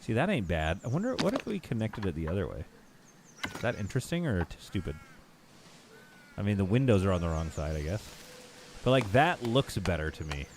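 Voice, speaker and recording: Lively low-voiced man streaming a game. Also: a little fast, pauses often, noisy background. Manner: chatty, bantering with chat, thinks aloud with restarts. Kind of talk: casual live-stream commentary while playing. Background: background game music.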